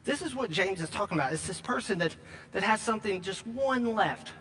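A man preaching a sermon, emphatic, repeating key lines and slowing down to stress them. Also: high-pitched, expressive, a bit bright, long reverb tail. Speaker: pastor.

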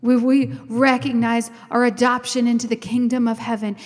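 A woman preaching a sermon with impassioned, rising declarations that slow into soft prayer. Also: a little high, flat delivery. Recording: long hall reverb.

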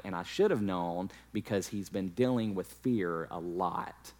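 A man's voice: low voice, a little slow, few pauses, darkish tone. A man in his thirties, a pastor, telling a candid, self-deprecating personal story in a sermon.

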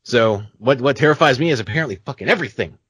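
Animated, swearing young man telling stories. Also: medium pitch, quick pace, breathy edge, no room sound. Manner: animated storyteller, swears a lot, acts out his own panicked shouts. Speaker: podcast co-host. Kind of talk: casual podcast chat.

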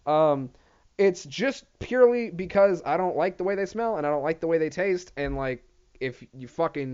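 A young man hosting a casual solo rant, full of swearing and sidetracks. He apologizes for himself as he goes. His voice sits a bit high, and the recording sounds muffled and lo-fi. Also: animated, normal speed, darkish tone, clear, resonant tone. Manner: profane, rambling, self-deprecating. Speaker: podcast host. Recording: dull lo-fi recording.

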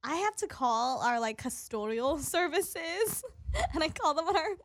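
A woman chatting casually about her job at a store, expressive and swearing freely. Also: sits high, normal speed. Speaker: store worker. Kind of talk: casual chat.

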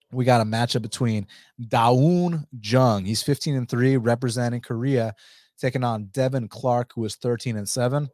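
A young adult man talks through fight picks in a loose, animated way, peppered with swearing and "you know"s. His voice sits at a middle pitch, recorded close and dry with almost no room sound. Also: moderate pace, no room sound. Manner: animated, blunt, profane, lots of filler. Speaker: MMA betting analyst. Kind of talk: casual fight breakdown and picks.

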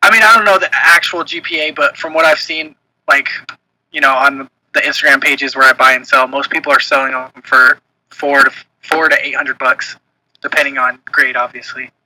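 A man's voice: medium pitch, normal speed, sharp tone, poor audio. A young man co-hosting a casual podcast chat, blunt and emphatic, swearing freely. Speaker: podcast co-host.

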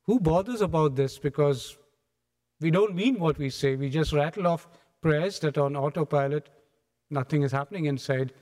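Man preaching a lively sermon. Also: on the high side, moderate pace. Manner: animated storytelling, acts out scenes. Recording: echoey hall.

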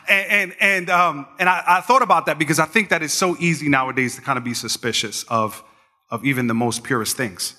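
A man's voice: a little high, fairly quick. A man, a pastor, giving a conversational sermon full of stories, acting out the people in them as he goes. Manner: animated storyteller, acts out quoted voices. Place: church. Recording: long church hall reverb.

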